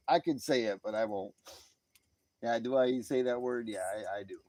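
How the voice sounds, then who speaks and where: A man's voice: medium pitch, a little slow, a little mellow, slight background noise. Laid-back man chatting on a night stream. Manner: laid-back, chuckles often, reads chat aloud. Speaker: live stream host. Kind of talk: casual late-night live stream chat.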